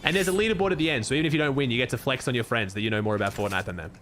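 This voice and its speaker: A man's voice: medium pitch, racing, fairly bright tone, slight background noise. A young Australian man streaming casually, laid-back and cursing freely as he thanks viewers and comments on the game.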